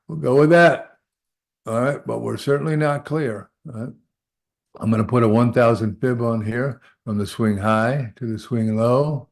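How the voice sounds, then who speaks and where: A man teaching a live trading lesson, talking through charts aloud and often checking in with "all right?". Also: mid-range voice. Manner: repeats short phrases while working. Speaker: trading instructor.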